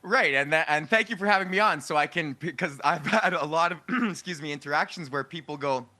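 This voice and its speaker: An upbeat man with an Alberta accent talks in a bright, forceful voice, pitched a little high. He chats casually in a TV interview, stringing thoughts together with plenty of fillers. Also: brisk. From Edmonton, Alberta, Canada. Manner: upbeat, chatty, many fillers like "you know". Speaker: stand-up comedian, guest.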